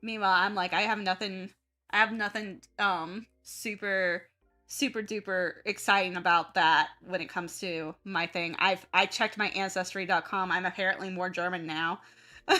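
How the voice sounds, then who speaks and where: A woman's voice: lowish voice, fairly even intonation, normal speed, pushed and bright, faint music behind. A young woman with a Midwest-Southern American accent, chatting casually while she draws on stream, rambling and correcting herself as she goes. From southern United States. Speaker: art streamer. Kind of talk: casual chat while drawing.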